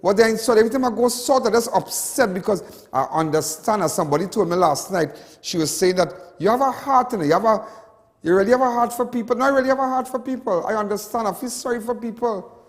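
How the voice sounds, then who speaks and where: A high-voiced Trinidadian man hosts a TV show in an impassioned monologue. He rambles and repeats himself, dropping local slang as he gets worked up. A long reverb trails behind his voice. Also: quick pace. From Trinidad and Tobago. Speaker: TV show host.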